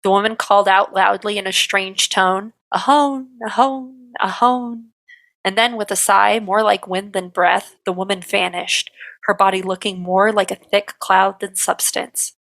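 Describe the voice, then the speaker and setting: Woman, podcast co-host, history reading, gravelly voice, steady storytelling. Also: medium pitch, moderate pace.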